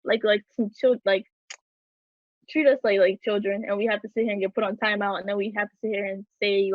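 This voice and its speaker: A woman's voice: medium pitch, flat delivery, fairly quick, no echo, highs cut off. A young woman hosting a heated casual discussion, talking emphatically with many fillers and restarts. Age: young adult. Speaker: host.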